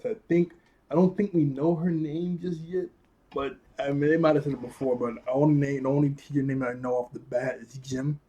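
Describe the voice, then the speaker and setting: A man's voice: medium pitch, mellow. A man casually reviewing a cartoon episode, rambling and chuckling through a loose retelling full of fillers.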